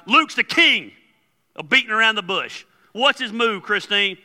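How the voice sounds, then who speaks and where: A man preaching a sermon as pastor, animated and acting out quoted prayers. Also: very high-pitched, normal speed. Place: large church hall. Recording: long hall reverb.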